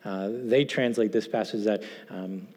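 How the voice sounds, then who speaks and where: A man's voice: lowish voice, darkish tone. Man preaching in a reverberant hall. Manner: conversational, asks the congregation, slows for emphasis. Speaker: pastor. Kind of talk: sermon.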